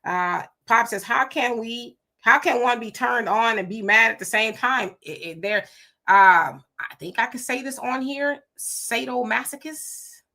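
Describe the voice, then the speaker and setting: A middle-aged woman, hosting a live stream, reading viewer comments and telling stories in an animated, emphatic way; she is hot and sweating. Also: fairly high pitch, measured pace. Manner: animated storyteller, emphatic and preachy when warning.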